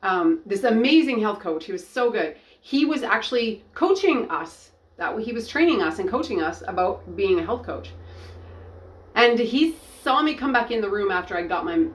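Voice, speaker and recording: A middle-aged woman giving a personal testimony, talking earnestly and haltingly, often restarting her sentences. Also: medium pitch. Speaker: ministry founder and coach.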